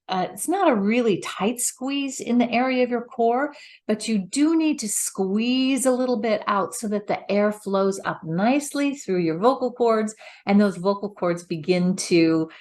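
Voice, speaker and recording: A woman's voice: mid-range voice, darkish tone. A middle-aged woman voice coach giving a patient, step-by-step instructional talk. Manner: patient, explains step by step with demonstrations.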